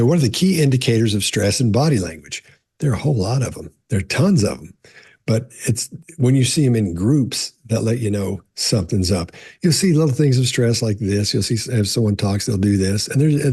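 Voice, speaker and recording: Middle-aged guy talking body language, husky low-ish voice, dry close mic. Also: animated, moderate pace, mellow, no room sound. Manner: conversational, storytelling, frequent restarts and "you know". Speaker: body language expert answering viewer questions. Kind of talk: casual explanatory talk to camera.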